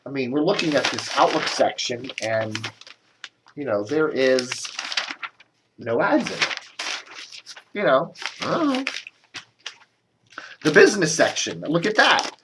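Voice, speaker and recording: A man's voice: medium pitch, big pitch swings, unhurried, pauses often, background noise. A man giving a casual, rambling media commentary, grumbling and sarcastic, with coughs and restarts. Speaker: media blogger doing a video commentary.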